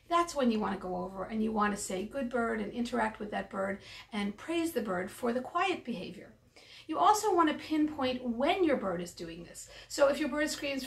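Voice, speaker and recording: A woman veterinarian explaining bird care in a calm, practical educational talk. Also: on the high side, creaky, far from the mic. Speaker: avian veterinarian.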